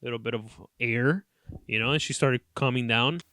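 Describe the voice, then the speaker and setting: A man's voice: mid-range voice, normal speed, no echo, studio quality. A man in his late twenties hosting a casual podcast, telling a story with lots of swearing and laughter. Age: 20s. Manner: profane, animated, laughs often. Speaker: podcast host.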